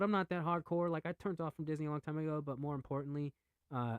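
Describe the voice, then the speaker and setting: A young man hosting a podcast in a casual, profane rant, swinging from low mutters to loud outbursts. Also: no echo. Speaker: podcast host.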